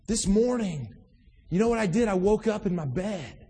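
A man's voice: sits high, lively intonation, normal speed, dark tone, breathy edge, big-room sound. A man preaching a sermon with emphatic repetition and rhetorical questions. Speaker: pastor.

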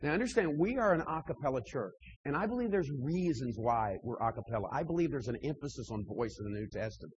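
A man preaching to church leaders, emphatic, swinging between loud pushes and quieter asides, with frequent restarts. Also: medium pitch, animated, fast talker, hardly any pauses, slightly rough, dull audio. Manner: emphatic, rising and dropping in volume, frequent restarts.

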